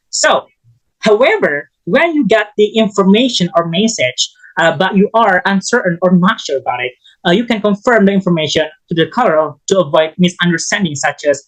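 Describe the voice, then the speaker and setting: A man giving a recorded English lesson as a student teacher, halting and often restarting his phrases. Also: sits high, expressive, a bit bright, rough recording.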